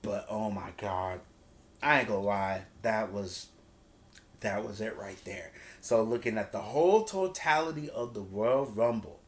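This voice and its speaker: Animated man recapping wrestling. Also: fairly low pitch, a little slow. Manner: animated storytelling, acts out quotes in slang. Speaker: wrestling reviewer. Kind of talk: casual review recap.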